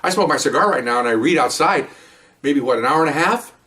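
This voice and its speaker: An older man, a retired police officer, tells stories in a quick, lively way. He often pauses to check in with "okay?" and restarts his sentences as he goes. His voice comes from a little way back from the microphone. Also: on the high side, distant mic. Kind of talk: casual anecdotal storytelling.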